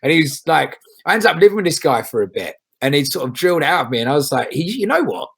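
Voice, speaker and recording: A folk singer, chatting as an interview guest in a rambling way, with lots of restarts and casual swearing. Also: male voice, on the high side, expressive, fast talker, gravelly, breathy edge. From England.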